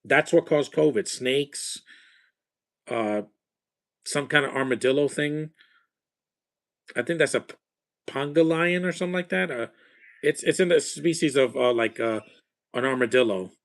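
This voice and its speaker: A man's voice: mid-range voice, a little slow, long pauses. A man giving a live, off-the-cuff commentary while he watches a film, rambling between remarks and often restarting his sentences.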